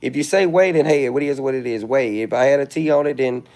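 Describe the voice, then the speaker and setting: A man's voice: medium pitch, fast talker, a little mellow. A middle-aged man, rambling self-assuredly in a casual livestream monologue, with flashes of indignation. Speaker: livestream host.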